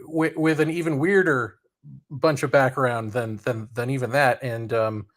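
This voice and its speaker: A man's voice: medium pitch, fairly even intonation, measured pace, a bit bright. A man co-hosting a live podcast, making sardonic, rambling asides about the election. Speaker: podcast co-host. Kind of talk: casual live election chat.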